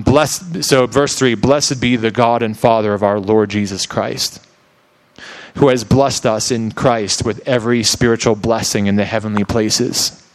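Middle-aged male preacher, resonant and smooth, reflective devotional teaching with prayer, halting restarts. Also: medium pitch.

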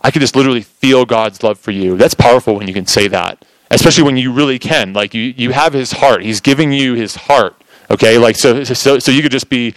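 A man preaching in a casual sermon, telling a testimony in an animated, storytelling way, with lots of "like" fillers. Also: medium pitch, fairly quick, dry recording, low-quality recording.

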